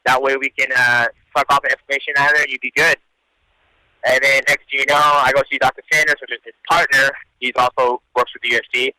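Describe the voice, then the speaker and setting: A man answering interview questions in relaxed storytelling, casually swearing. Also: mid-range voice, quick pace, dry recording, poor audio. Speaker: guest athlete, UFC champion.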